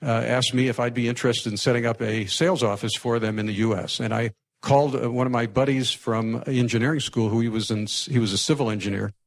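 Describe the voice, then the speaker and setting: An older man from the United States telling a personal story to a live audience, lively and anecdotal with frequent restarts. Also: mid-range voice, brisk, gravelly, few pauses. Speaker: speaker telling his life story.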